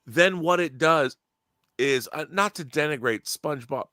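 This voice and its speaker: A man's voice: a little high, measured pace, pushed and bright, no echo, studio quality. A man in casual podcast chat, emphatic and opinionated, swearing freely and restarting his sentences as he rants. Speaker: podcast co-host.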